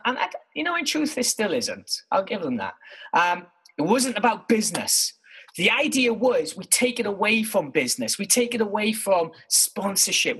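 A man with a husky, slightly rough voice, telling stories about his past in a casual, animated way. His pitch swings up and down a lot as he mocks himself and throws in the odd swear word. He talks from his bedroom like a podcast co-host chatting on air. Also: poor audio. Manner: animated, self-mocking, swears freely. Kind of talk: casual storytelling monologue.

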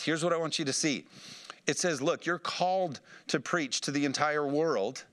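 A man preaching a sermon, animated and calling for responses from the congregation. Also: on the high side, moderate pace. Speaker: pastor.

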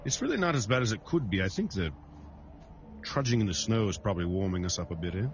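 A man's voice: on the low side, lively intonation, fast, a little hiss or hum. A man playing a tabletop game, speaking in character in an earnest, rambling way. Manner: earnest, rambling, clears throat. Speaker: player. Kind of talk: in-character tabletop role-play. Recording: dull lo-fi sound.

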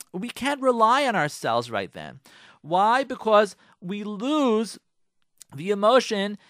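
A man's voice: high voice, a bit bright, no echo, clean studio sound. A man hosting a radio show, giving marriage advice in an emphatic monologue that repeats lines and fires rhetorical questions at listeners. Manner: addresses listeners directly, coaxing.

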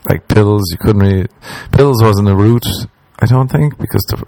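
A young man from Ireland speaks at normal speed in a creaky, dark voice, captured in a low-quality recording with no echo. In this casual storytelling monologue he's laid-back and self-mocking, curses freely, and quotes himself under his breath in a low mutter.

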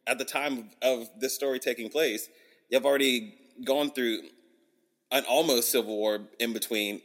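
A man's voice: mid-range voice, steady tone, moderate pace, fairly bright tone, in a large hall. A man, talking loosely with lots of slang and swearing as a podcast co-host. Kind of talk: casual chat.

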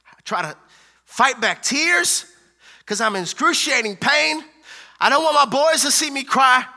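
A man preaching a sermon with emphatic repetition, calling out to his audience and swinging between loud declarations and hushed lines. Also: extremely high pitch, expressive, measured pace, gravelly. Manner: calls out to the audience.

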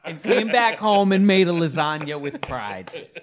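Male co-host, high voice, dry humor, voices of others loud in the background. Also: lively intonation, a little slow, a crowd in the background. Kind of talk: casual chat.

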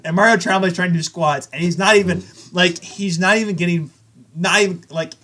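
A young man with a fairly high voice, talking loosely and at length about hockey with his co-hosts. He laughs easily, trails off and starts over mid-sentence. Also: fairly quick, sharp tone. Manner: rambling, laughs often, restarts sentences. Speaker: podcast co-host. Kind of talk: casual sports chat.

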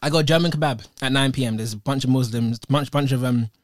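A man's voice: mid-range voice, quick pace, no room sound, studio quality. A man, co-hosting a podcast and teasing his guest in casual banter. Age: 20s. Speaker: podcast co-host. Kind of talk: casual chat.

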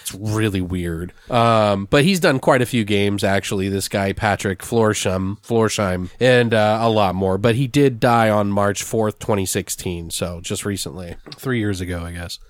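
A man's voice: on the low side, normal speed, few pauses, dry recording. A man hosting a movie podcast, chatting casually and reading off cast trivia with the odd curse. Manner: casual, swears, reads off film trivia. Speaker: podcast host.

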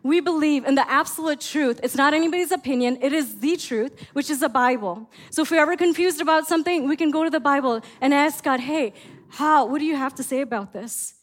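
A middle-aged woman pastor preaching a sermon, telling family stories in an animated way and acting out her own lines. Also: high-pitched, fairly quick. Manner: animated storytelling, acts out her own quotes.

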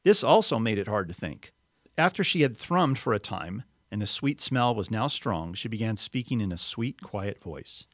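A man reading a story aloud expressively, pausing for explanatory asides. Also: on the low side, lively intonation, no room sound, clean studio sound. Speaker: reader.

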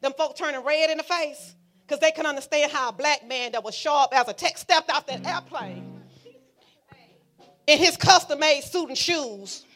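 A woman's voice: high voice, moderate pace, fairly bright tone, soft background music. A woman pastor, preaching a fiery sermon and calling out to the congregation. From Alabama. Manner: fiery, preaching with call-and-response.

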